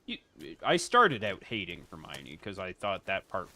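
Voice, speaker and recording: A man's voice: on the low side, very animated, a little slow, bright, forceful tone, a little hiss or hum. A man chatting and joking sarcastically with friends while playing a survival game. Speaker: gamer. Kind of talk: casual co-op let's play chat.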